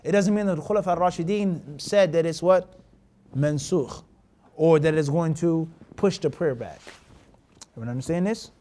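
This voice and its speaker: High-voiced man teaching a hadith class. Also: normal speed, dark tone. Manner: asks the class rhetorical check questions; mixes Arabic terms into English. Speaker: Islamic teacher.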